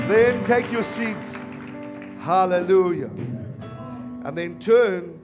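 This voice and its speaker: A male pastor preaching a sermon at a church service, animated and repeatedly calling on the congregation to respond. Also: high-pitched, measured pace, pauses often, over music. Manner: animated, calls for audience response.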